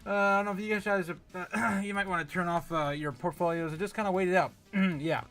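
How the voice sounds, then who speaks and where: A man's voice: sits high, fairly even intonation, fairly quick, fairly bright tone. A man hosting a casual livestream, greeting viewers by name, laughing often and rambling with lots of fillers. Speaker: livestream host. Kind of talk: casual livestream chat reading viewer comments.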